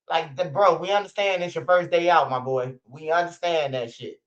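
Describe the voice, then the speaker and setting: A man's voice: fairly high pitch, a little fast, hardly any pauses, a bit bright. A man from Chicago with a Chicago accent, hosting a livestream and giving blunt, profane street-talk commentary. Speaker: livestream host. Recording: muffled lo-fi stream audio.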